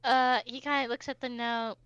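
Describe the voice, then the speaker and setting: A woman narrating as game master of a tabletop game, with lots of fillers and hesitant pauses. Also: on the high side, level tone, a bit bright, clean tone, no room sound, dull audio.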